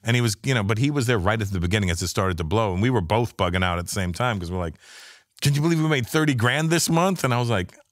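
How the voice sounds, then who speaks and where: A man's voice: lowish voice, very fast, few pauses, no room sound, studio quality. A man in his fifties from Canada, a stand-up comedian telling stories in casual chat, swearing freely and acting out the voices of people he quotes. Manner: profane, animated, acts out quoted voices.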